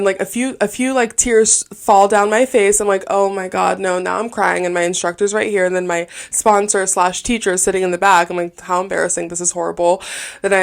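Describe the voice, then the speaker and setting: A woman's voice: mid-range voice, vocal fry. A woman in her twenties hosting her own podcast, telling personal stories in a chatty, candid way full of fillers. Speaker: podcast host. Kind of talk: casual solo podcast talk.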